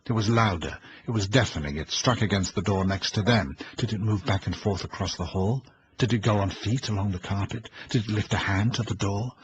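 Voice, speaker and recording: A man narrating an audiobook in a measured, suspenseful reading. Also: fairly low pitch, highs cut off, a little hiss or hum.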